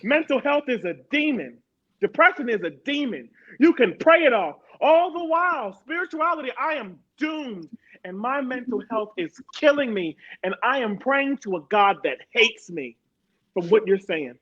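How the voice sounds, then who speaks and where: A woman's voice: fairly high pitch, big pitch swings, normal speed, fairly bright tone, lo-fi sound. A woman from Harrisburg, Pennsylvania, giving a personal testimony as a panel guest, emphatic and repeating words for stress.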